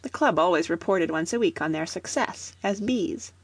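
A woman reads a children's storybook with gentle, even storytelling. Her voice is soft and breathy, and the close recording is completely dry, with no room sound at all. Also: fairly low pitch, normal speed, no room sound. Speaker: audiobook reader.

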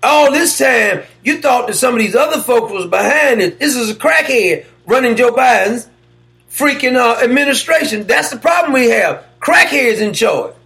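Brief: male show host, high gravelly voice, sarcastic commentary. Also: expressive, normal speed, pushed and bright. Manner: mocking, sarcastic, often laughing. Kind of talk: opinionated political commentary.

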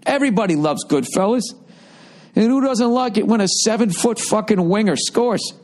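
A man telling an excited, profane story in a casual podcast. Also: sits high, moderate pace.

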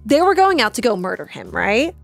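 A woman's voice: fairly high pitch, sing-song, fairly quick, vocal fry, soft background music. A woman co-hosting a casual movie chat podcast, rambling, giggly and swearing freely. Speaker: podcast co-host.

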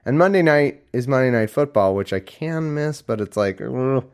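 Young male podcaster, mid pitch, very animated delivery, snarky asides. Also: normal speed, smooth. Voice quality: animated, mocking, swings from loud to mumbled asides. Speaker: solo podcaster reading scripture. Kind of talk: casual sarcastic commentary.

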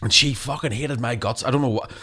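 A man's voice: mid-range voice, pushed and bright, husky. A young man, a comedian, telling school stories in a casual, sweary chat. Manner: sweary, fast storytelling.

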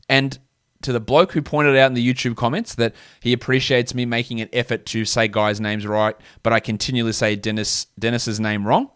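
A man's voice: medium pitch, fairly bright tone, no room sound, studio quality. A young man hosting a solo fantasy basketball podcast, talking bluntly and casually with slang while he rattles off stats.

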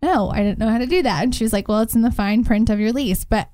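A woman co-hosting a casual chat show, telling a story in an animated way and laughing often. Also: on the high side, fast, dry recording. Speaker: co-host.

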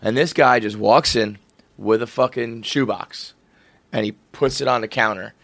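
A man's voice: mid-range voice, fairly even intonation, moderate pace, gravelly, fairly bright tone, dry recording. A man chatting casually as a host, telling a rambling story, swearing freely and laughing often. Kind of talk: casual chat.

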